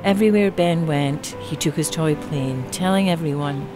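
A woman narrates in a mock-earnest storytelling voice, pitched very low for a woman. Loud music plays under her throughout. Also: normal speed. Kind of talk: scripted narration.

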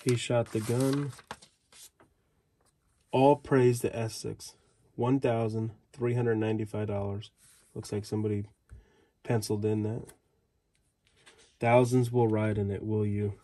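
A man with a mellow, warm voice reads old advertisement headlines aloud in short bits. He drops casual asides between them, like someone leafing through pages at home. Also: lowish voice, level tone, measured pace, long pauses. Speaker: reseller flipping through old magazine ads. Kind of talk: casual commentary reading old ads aloud.

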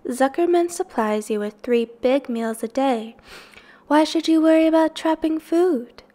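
A woman voicing a clever, patient female spider in a storybook reading, calm and precise. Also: high-pitched, a little slow, pitched above the performer's own voice. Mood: kindly.

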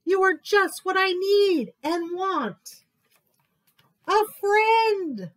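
A woman's voice: very high-pitched, expressive, moderate pace, darkish tone, a little hiss or hum, voice pushed up. A woman voicing a cheerful, kind little male mole in a children's storybook, with eager exclamations. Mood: excited.

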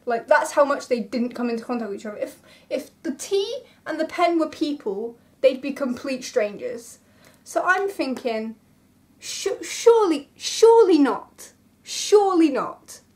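A young woman vlogger telling a story in a casual, animated way, full of dramatic asides and exclamations. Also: high voice, moderate pace.

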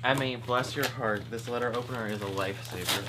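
Man, vlog co-host, casual chat, playful and teasing, middle pitch, loud background noise. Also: brisk. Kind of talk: casual chat while opening fan mail.

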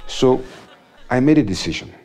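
A man's voice: mid-range voice, sing-song, normal speed, mellow, slight background noise. A man doing a comic monologue in a wry, self-mocking way, often chuckling. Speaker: comedian.

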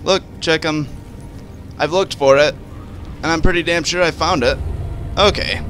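A man's voice: a little high, a little slow, soft background music. A man hosting a casual let's-play, commenting over the game in a playful, profane way. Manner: animated, playful and profane, talking over gameplay. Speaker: gaming channel host.

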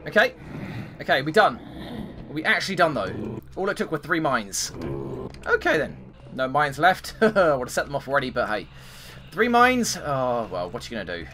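A man's voice: big pitch swings, moderate pace, long pauses. A man muttering let's-play commentary. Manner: muttering low to himself, bursting into frustrated outbursts. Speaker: gaming channel host. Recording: game noise behind the voice. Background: game sounds and ambience.

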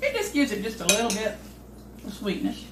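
A woman's voice: mid-range voice, wildly swooping pitch, fairly quick, heavy background noise. An older woman, hosting a home cooking video, chatting folksily with her cameraman as she cooks. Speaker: home cooking channel host. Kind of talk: casual home cooking demonstration. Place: home kitchen. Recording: echoey kitchen with clattering dishes.

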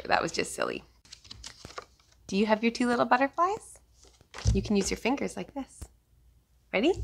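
A woman's voice: mid-range voice, big pitch swings, moderate pace, creaky, long pauses, a bit bright, breathy edge. A young woman leading an online children's circle time, singing and counting in a playful, encouraging sing-song. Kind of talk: singing and leading kids' songs. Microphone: webcam or laptop mic on video call.

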